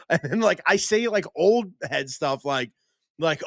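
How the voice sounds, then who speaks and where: Excitable young man, bright voice. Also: a little high, normal speed, no echo, studio quality. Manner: excitable, animated storyteller who slips into impressions. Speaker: co-host. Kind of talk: casual sports chat.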